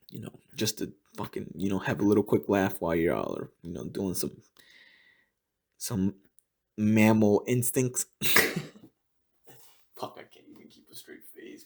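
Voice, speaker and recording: A man's voice: lowish voice, creaky. A young man hosting his own podcast, rambling in a casual monologue full of swearing and laughing at his own jokes. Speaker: podcast host.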